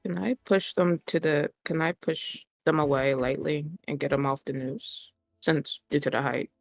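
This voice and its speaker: A man answering as a player in a tabletop game, speaking in measured, thoughtful replies. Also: on the high side, steady tone, creaky, no room sound, clean studio sound, faint music behind. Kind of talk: tabletop role-play answers.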